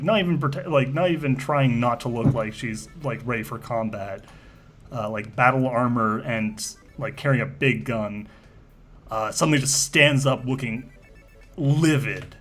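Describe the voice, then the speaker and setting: Man, game master, tabletop narration, halting, many fillers, middle pitch, faint background music. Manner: halting, full of fillers and restarts.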